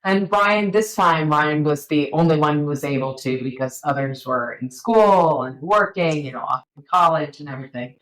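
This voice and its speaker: A woman's voice: sits low, normal speed, few pauses, no echo, low-quality recording. A middle-aged woman, a filmmaker guest, telling rambling family stories in a casual interview. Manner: rambling, animated storytelling with fillers.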